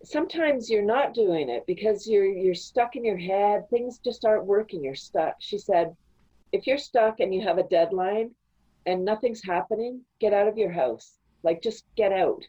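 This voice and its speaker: A woman guest on a podcast, chatting casually and telling animated stories, often breaking into laughter. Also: medium pitch, moderate pace, slightly rough, dull audio. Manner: animated storytelling with frequent laughs. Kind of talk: casual interview chat.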